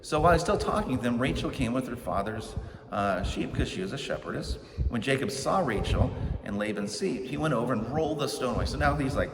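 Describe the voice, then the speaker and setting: A middle-aged male pastor tells a scripture story with an easy, joking conversational delivery. He is heard from a distance in a church hall with a long echo. Steady background noise sits under his voice. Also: medium pitch, brisk. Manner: joking, conversational, acts out characters' lines. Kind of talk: casual storytelling sermon. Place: church sanctuary.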